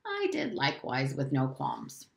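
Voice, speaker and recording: Woman teacher reading a novel aloud, steady and clear, echoey room. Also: rumbling low, measured pace. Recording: roomy echo.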